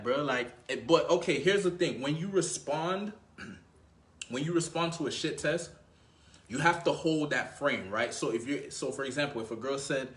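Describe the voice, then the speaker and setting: A man giving casual dating advice who thinks out loud and keeps checking in with the listener. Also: medium pitch, moderate pace. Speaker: dating coach. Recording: roomy echo.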